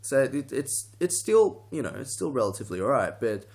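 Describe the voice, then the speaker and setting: A man's voice: medium pitch, sing-song, normal speed, few pauses, darkish tone. A young man talking to the camera in a casual tutorial, rambling, restarting sentences and getting sidetracked. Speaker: vlogger.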